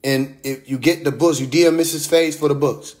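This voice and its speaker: A man's voice: a little high, fairly even intonation, a little fast, a little mellow. Streetwise man talking loosely on a live stream. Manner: loose, streetwise, profane, laughs often. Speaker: livestream host. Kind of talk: casual livestream monologue. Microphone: phone livestream.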